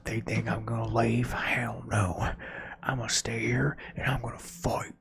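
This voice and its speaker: A man's voice: medium pitch, little pitch movement, a little slow, vocal fry, fairly bright tone, breathy edge, heavily acted. A man voicing a stubborn, defiant local who refuses to evacuate, in a drawling mock Connecticut accent.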